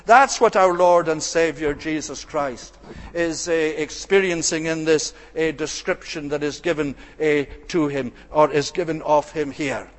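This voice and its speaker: A man preaching an expository sermon, measured and earnest, slowing down to dwell on quoted scripture. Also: fairly high pitch, big-room sound.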